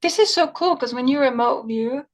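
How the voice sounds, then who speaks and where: A woman talks with an interviewer, telling a long story and quoting the people in it. Her voice sits on the high side. She talks in an animated way. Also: moderate pace. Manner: animated storytelling, quotes conversations in her own voice. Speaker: remote viewer. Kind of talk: conversational interview recounting an experience.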